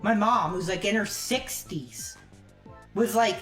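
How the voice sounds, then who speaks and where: A man ranting angrily on a livestream, profane and shouting at times. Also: high-pitched, takes it slowly, soft background music. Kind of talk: angry livestream rant.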